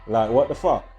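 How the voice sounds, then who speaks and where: A man's voice: lowish voice, dark tone. A man, rambling casually and profanely through a video monologue, often stopping to correct himself. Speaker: video host. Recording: faint background music. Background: faint music.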